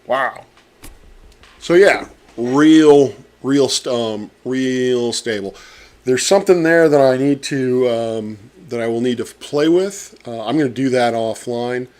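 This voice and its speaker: An astronomy professor narrates his data work on a live stream, muttering and halting with lots of fillers, his words muffled by a pen in his mouth. His voice is medium-pitched with a darkish tone.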